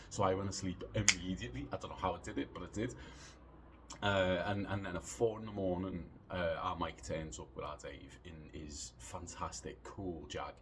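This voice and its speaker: A deep-voiced man in his late thirties tells a long anecdote in a loose, chatty way. He rambles and restarts, swears casually and leans on fillers. There is a faint hiss of noise behind him. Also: steady tone, normal speed, a bit bright. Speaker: podcast storyteller.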